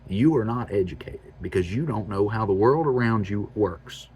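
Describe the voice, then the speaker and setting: A man's voice: fairly low pitch, lively intonation, normal speed, darkish tone, highs cut off, a little hiss or hum. A man, hosting a homestead channel, ranting bluntly and with exasperation, repeating phrases for emphasis. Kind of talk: ranting monologue to camera.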